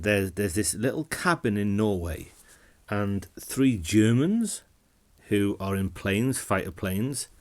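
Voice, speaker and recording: A man talking casually to camera about films he watched, relaxed and rambling, often restarting his sentences. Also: fairly low pitch. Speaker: film reviewer. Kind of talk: casual film review vlog.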